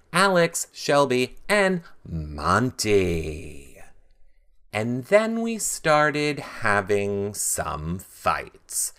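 A man hosts a recap show in a casual, chatty way. He is tired but animated, and his pitch swings widely as he jumps into high mocking impressions of people. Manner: animated, mimics houseguests in high voices.

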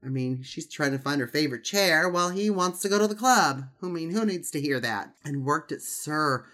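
A man's voice: on the high side, lively intonation, a little fast, bright, forceful tone. Campy guy doing a funny audio blog, playful asides, chatty. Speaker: podcast host. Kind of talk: comedic audio blog reading.

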